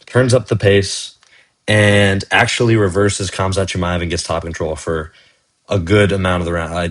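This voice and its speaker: A man doing a casual, excitable fight breakdown for his channel, full of slang and fillers like "man" and "bro.". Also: deep voice. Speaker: fight commentary YouTuber.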